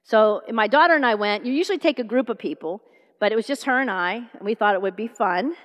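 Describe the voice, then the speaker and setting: A woman's voice: on the high side, fast talker, in a large hall, dull audio. A middle-aged woman preaching a sermon, telling stories and acting out the dialogue. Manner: animated storytelling, acting out dialogue.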